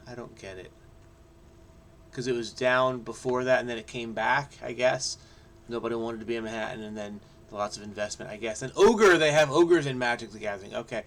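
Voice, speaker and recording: A man from New Jersey solving a crossword aloud, excitable and frenetic, muttering to himself and breaking into snatches of song. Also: mid-range voice, gravelly. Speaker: crossword solver host. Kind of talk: thinking aloud while solving.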